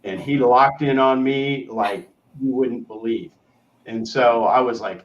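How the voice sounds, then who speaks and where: A man's voice: mid-range voice, measured pace, noisy background. A man co-hosting a show, telling a story in a rambling casual way that often trails off to a murmur. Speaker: co-host. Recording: roomy, distant, dull lo-fi sound.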